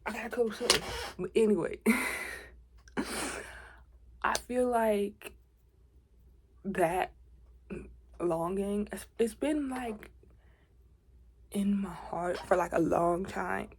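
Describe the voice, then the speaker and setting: A woman's voice: mid-range voice, slow, long pauses, slight background noise. A woman of twenty in a casual confiding vlog, rambling and chatty, with asides, self-corrections and dips into a whisper. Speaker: faith vlogger.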